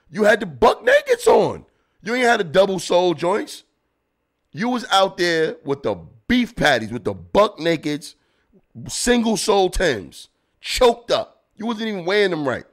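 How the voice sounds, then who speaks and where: A man's voice: high-pitched, wildly swooping pitch, moderate pace. A man hosting a podcast, giving blunt, profane comedic commentary as he reacts to videos. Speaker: podcast host.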